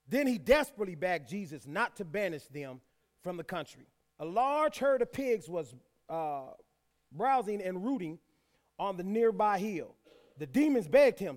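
High-pitched guy preaching, reads scripture and says stuff twice for emphasis. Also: big pitch swings, normal speed. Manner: repeats key lines for emphasis, folksy asides. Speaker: pastor. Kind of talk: sermon with scripture reading.

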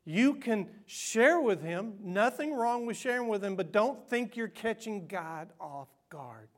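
Earnest male preacher, loud then hushed. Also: high-pitched, animated, measured pace. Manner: earnest, swings from loud emphasis to hushed near-whisper. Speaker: pastor. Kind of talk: sermon.

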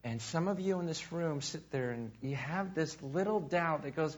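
Preacher, male, a touch higher-pitched than most men, husky tone, animated delivery that swings between loud emphasis and hushed asides. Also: normal speed, few pauses. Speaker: pastor. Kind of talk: sermon. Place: room with a live congregation.

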